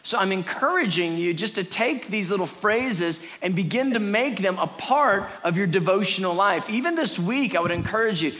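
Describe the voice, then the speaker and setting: Man, middle-aged, preacher, fairly high voice, earnest sermon delivery, church stage. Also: moderate pace, hardly any pauses. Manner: animated, acts out a frantic crowd in a high put-on voice. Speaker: pastor. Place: church stage before a congregation.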